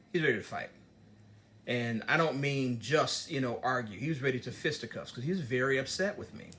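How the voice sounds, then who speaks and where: A man hosting his own channel, telling a workplace story in a casual motivational talk and acting out the dialogue as he goes. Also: medium pitch. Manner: storytelling, animated, digresses and acts out dialogue. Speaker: host giving business advice.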